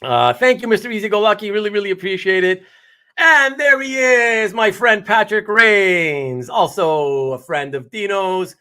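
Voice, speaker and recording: A man's voice: sits high, lively intonation, a little slow, pushed and bright, clear, resonant tone. A man hosting a casual live stream who chats with viewers, reads their names aloud and laughs often. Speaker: host of a live comic art stream.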